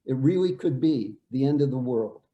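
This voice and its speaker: An older man, a veteran, reading out his own war story in a measured, plain way. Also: medium pitch, expressive, dull audio. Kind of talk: reading a prepared personal story. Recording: echoey room.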